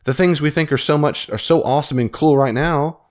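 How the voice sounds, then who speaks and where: A man hosting his own podcast, giving an animated, argumentative commentary and often correcting himself mid-sentence. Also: on the high side, fairly quick. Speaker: podcast host. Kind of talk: casual commentary.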